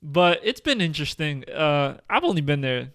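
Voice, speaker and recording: A man's voice: on the high side, big pitch swings, moderate pace, fairly bright tone, no room sound, clean studio sound. A young man in his twenties co-hosting a podcast, telling stories in casual chat with slang, fillers and frequent laughter. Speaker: podcast co-host.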